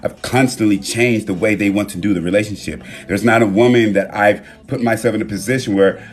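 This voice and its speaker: A man hosting a live stream from his phone, talking in a relaxed, reflective way with loose slang and pausing to read viewer comments. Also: on the low side. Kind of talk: casual live-stream talk. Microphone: phone mic.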